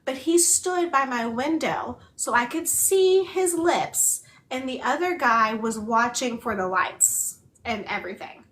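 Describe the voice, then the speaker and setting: A woman's voice: sits high, unhurried, few pauses, fairly bright tone. A woman co-hosting a book club, chatting casually in a rambling way full of filler words while she also signs. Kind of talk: casual chat.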